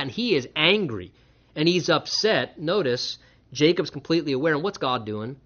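A man preaching a sermon, animated and conversational, mixing scripture reading with wry humorous asides. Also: on the high side, normal speed. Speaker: pastor. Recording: dull lo-fi recording.

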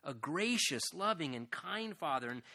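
A pastor delivers an earnest sermon in a slightly raised, very bright voice. He stretches key phrases slowly and lets his voice rise and fall widely. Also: on the high side, sing-song.

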